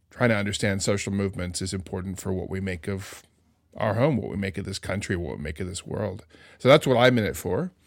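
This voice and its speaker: A man from Indiana co-hosts a podcast with wry, measured thoughtfulness. His low voice has a gravelly, fried edge, and the sound is dry and close. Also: no room sound. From Indiana, USA. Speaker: podcast co-host. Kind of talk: casual podcast chat.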